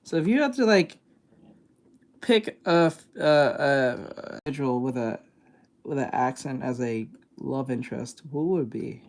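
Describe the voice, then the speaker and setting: A man's voice: mid-range voice, expressive, normal speed, darkish tone. Rambling, hesitant male streamer. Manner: rambling, hesitant, full of fillers and restarts. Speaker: art streamer reacting to videos. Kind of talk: casual live-stream chat.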